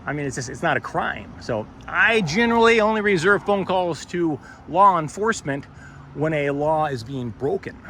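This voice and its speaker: A man's voice: a little high, expressive, a bit bright. Wry sarcastic man filming on a sidewalk. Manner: sarcastic, wry, halting with many fillers. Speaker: first amendment auditor filming in public. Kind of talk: casual on-camera commentary. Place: public sidewalk outdoors. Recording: outdoor street noise. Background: street and traffic noise.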